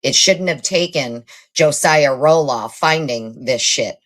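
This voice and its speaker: Woman host, very deep voice, casual live-stream commentary, blunt and salty, lots of "um" and "like.". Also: slow pace, a bit bright. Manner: blunt, casual swearing, frequent fillers.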